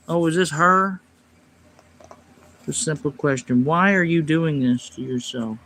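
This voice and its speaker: Speaking into a phone or desk mic on his livestream, a man with a fairly high, animated voice talks at a measured pace over a little hiss or hum. He drifts through a long, casual personal story in a quiet voice, then turns louder and sharper whenever he snaps at his chat.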